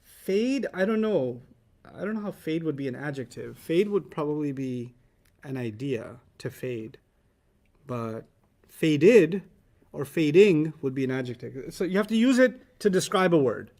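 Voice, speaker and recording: A fairly high-pitched man leads a classroom lesson. He teases his students playfully and breaks into laughter as he explains. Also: expressive, darkish tone. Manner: playful, teasing, quick to laugh. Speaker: teacher.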